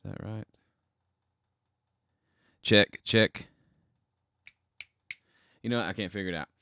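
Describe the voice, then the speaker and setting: A man with a very low, smooth voice hosts a casual livestream from his home studio. He thinks aloud as he works, rambling and poking fun at himself. The sound is dry and close. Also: slow pace, bright, forceful tone, no echo. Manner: rambling, self-deprecating, thinks aloud while troubleshooting. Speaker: livestream host.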